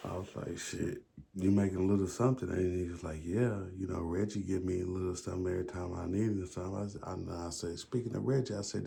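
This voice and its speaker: A man's voice: deep voice, vocal fry, darkish tone, slightly rough. A man telling a story in a loose, casual way, swearing freely and acting out the back-and-forth of conversations. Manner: loose, profane retelling full of quoted back-and-forth.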